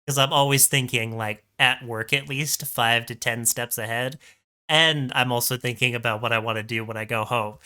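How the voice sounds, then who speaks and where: Man, co-host, very bright sharp voice, matter-of-fact, candid. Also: medium pitch, fairly even intonation, moderate pace, clear, resonant tone. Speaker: podcast co-host. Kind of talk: casual chat.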